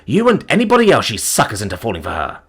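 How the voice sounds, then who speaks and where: A man's voice: mid-range voice, big pitch swings, moderate pace, fairly bright tone, husky, faint music behind, pitched above the performer's own voice. A man voicing an angry, bitter young man who swears and sneers sarcastically. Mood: furious.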